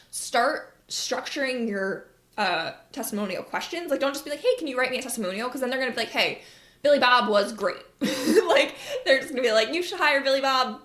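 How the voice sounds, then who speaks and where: A woman's voice: mid-range voice, fairly bright tone. Chatty woman podcaster, roomy sound. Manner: candid and chatty, swears casually, acts out quoted voices. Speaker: podcast host, marketing coach. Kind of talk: casual advice podcast monologue.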